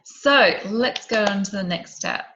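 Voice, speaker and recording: A woman leading an online group session, guiding listeners through a visualization with gentle questions that often drop soft and quiet. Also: mid-range voice, a little slow, muffled recording, slight background noise. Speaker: program facilitator.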